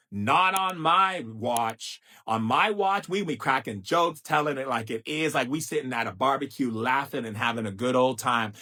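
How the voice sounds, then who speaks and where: A man's voice: mid-range voice, pushed and bright. Sassy, playful man on a live stream. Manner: sassy and playful, with teasing endearments; mock-imitates stiff, droning speakers. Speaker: spiritual teacher hosting a live stream. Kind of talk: casual live-stream monologue.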